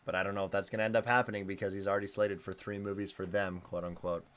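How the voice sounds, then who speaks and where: Low-voiced enthusiastic podcast host man. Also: flat delivery, quick pace, a bit bright, slight background noise. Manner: enthusiastic, gushing. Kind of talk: casual chat.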